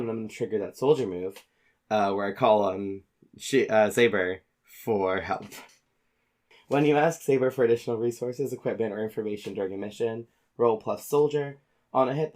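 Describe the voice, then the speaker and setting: A man's voice: fairly low pitch, darkish tone. A man narrating his character's actions in an actual-play tabletop game, casual and descriptive with frequent fillers. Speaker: player.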